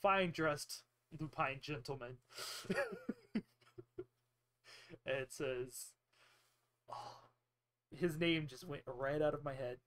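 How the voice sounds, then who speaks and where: A man's voice: fairly high pitch, slow pace, long pauses, a bit bright. A man narrating a tabletop game as game master, telling the story loosely with frequent giggles.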